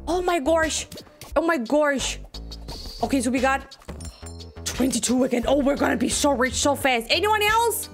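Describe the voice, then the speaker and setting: A woman streams a video game, chattering to herself and gasping at every new find. Her voice sits high and swoops up and down a lot. Soft game music plays underneath. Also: expressive, moderate pace, pauses often. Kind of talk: let's-play commentary.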